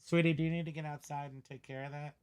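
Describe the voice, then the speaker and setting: A man's voice: fairly high pitch, level tone, fast talker, a little mellow, clean tone, no room sound. A man co-hosting a podcast, joking and playful in casual chat. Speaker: podcast co-host.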